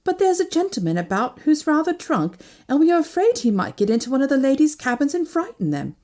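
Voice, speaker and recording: A woman's voice: high voice, sing-song, fairly quick, a little mellow, voice pushed up. A woman reading an audiobook, voicing a respectful night stewardess who speaks deferentially and apologetically. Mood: apologetic.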